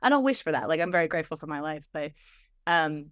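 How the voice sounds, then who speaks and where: Lively woman guest, low voice. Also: quick pace, no room sound. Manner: animated, lots of "like" fillers. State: emotional, near tears. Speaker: guest, stress physiologist and speaker. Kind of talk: storytelling in conversation.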